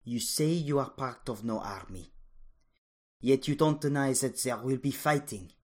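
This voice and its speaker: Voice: medium pitch, unhurried, pitched above the performer's own voice, close to an everyday voice. A storyteller voicing a wary, defiant young woman who refuses to be recruited. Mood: suspicious.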